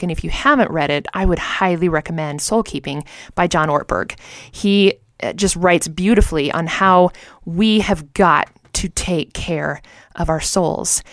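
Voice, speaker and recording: A woman in her thirties co-hosting a faith talk show, telling a story in a lively way and acting out the voices of the people in it. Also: lowish voice, no room sound, clean studio sound. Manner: animated storyteller, acts out quotes. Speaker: co-host.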